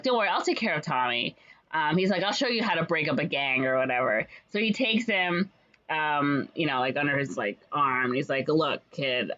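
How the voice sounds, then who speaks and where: A woman casually retelling a story's plot in a rambling way, full of fillers and quick quoted voices. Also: low voice, a bit bright. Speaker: podcast co-host retelling a musical's plot. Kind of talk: casual chat. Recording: slightly dull lo-fi audio.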